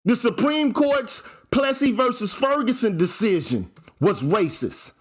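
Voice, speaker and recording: A man's voice: very high voice, sing-song, measured pace, husky. A man hosting his own channel, delivering a fiery, profane commentary rant that hammers the same point with repetition. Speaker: channel host. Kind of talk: ranting commentary vlog.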